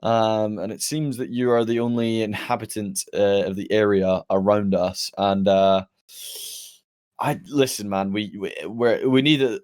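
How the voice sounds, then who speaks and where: A man plays his character in a tabletop fantasy game, making his plea in a rambling way. He stumbles and restarts often. His voice sits a little low. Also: steady tone, a little slow, a little mellow. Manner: rambling, pleading, stumbling over words. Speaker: player. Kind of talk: in-character tabletop role-play.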